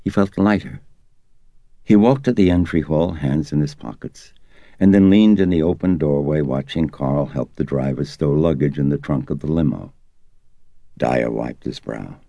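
A man reading an audiobook in measured, expressive scripted narration, close to the mic. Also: rumbling low, vocal fry, dry recording, muffled recording.

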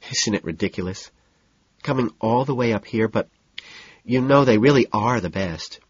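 A man voicing a friendly, eager young woman neighbor, soft and a bit nervous, in an audiobook reading. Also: medium pitch, moderate pace, breathy edge, no room sound, lo-fi sound, lightly acted.

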